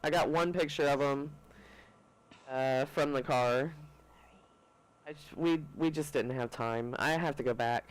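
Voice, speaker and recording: A man's voice: mid-range voice, unhurried, pauses often, low-quality recording. A man co-hosting a podcast, chatting casually and telling laid-back stories full of swearing. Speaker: podcast co-host. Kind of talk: casual chat.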